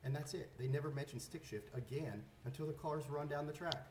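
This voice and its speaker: A man's voice: on the high side, brisk, darkish tone. A man who races, insistently explaining a dispute straight to camera, sounding aggrieved. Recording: roomy clip with background noise.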